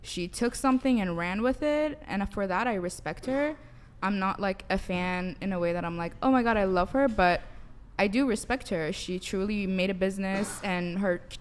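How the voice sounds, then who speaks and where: A young woman speaking as a guest on a casual panel chat, thoughtful and measured, saying "like" often. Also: mid-range voice.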